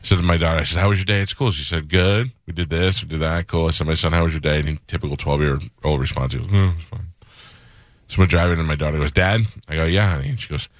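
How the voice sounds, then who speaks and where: A middle-aged man hosting a radio show, telling a story with animated quoted voices in casual banter. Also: extremely low pitch, fast talker, no echo, studio quality.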